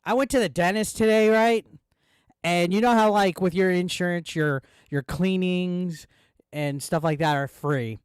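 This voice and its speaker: A man's voice: sits high, measured pace, clear, resonant tone, no room sound, clean studio sound. Heated, foul-mouthed man ranting. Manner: profane, heated ranting with filler words. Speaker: streamer. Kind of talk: casual live-stream rant.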